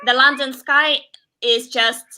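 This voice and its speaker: Brief: bright, fairly high-voiced woman with a Russian accent, non-native English, stops to hunt for words. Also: fairly even intonation, takes it slowly. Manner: searches for English words, apologetic. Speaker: guest illustrator. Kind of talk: casual video-call chat.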